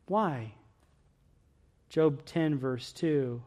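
A middle-aged man preaching a sermon, earnest, swinging from loud pleading questions to hushed emphasis. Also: medium pitch, takes it slowly, long pauses.

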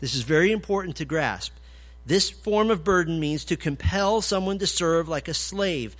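Emphatic high-voiced man preaching. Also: lively intonation, moderate pace. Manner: emphatic preacher, rises to loud declarations and drops low. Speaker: pastor. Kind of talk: expository sermon.

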